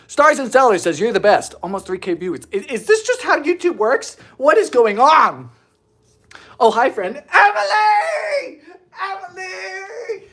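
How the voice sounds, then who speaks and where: Young guy from bermuda, slight bermudian accent, super animated voice jumping all over while he bakes live. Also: high-pitched. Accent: mild Bermudian. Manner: animated, theatrical, jokey. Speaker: baking show host. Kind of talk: live-stream baking chat.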